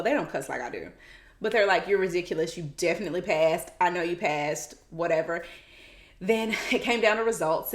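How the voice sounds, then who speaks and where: A woman in her thirties hosting her own podcast, chatting casually and animatedly, with quick asides and quoted remarks from friends. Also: on the low side. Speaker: podcast host. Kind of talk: casual solo podcast chat. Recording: roomy echo.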